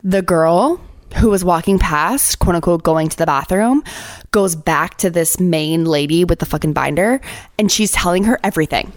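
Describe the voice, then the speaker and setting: A young adult woman with a slightly low voice tells a story on her podcast in loose, casual chat. She is animated and blunt and swears freely. The sound is dry and close, with no room to it. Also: moderate pace, no echo. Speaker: podcast host.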